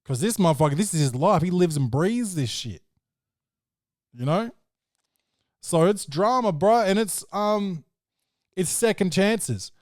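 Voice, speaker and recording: A man's voice: sits high, lively intonation, unhurried, pauses often, darkish tone, no room sound, clean studio sound. A man hosting a podcast, recapping a film in a brash, profane and joking way. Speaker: podcast host. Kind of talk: casual film review chat.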